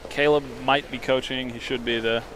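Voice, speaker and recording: Australian man calmly breaking down sumo. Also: medium pitch, moderate pace, a little hiss or hum. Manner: analytical, explains technique calmly. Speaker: guest commentator, sumo wrestler. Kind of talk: casual sports commentary.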